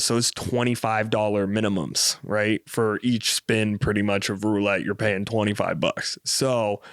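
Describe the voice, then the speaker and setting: A man's voice: mid-range voice, smooth, dry recording, clean studio sound. A young man hosting a podcast, telling a story in a rambling, profane way and often tagging on "you know what I mean.". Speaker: podcast host. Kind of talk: casual comedic storytelling.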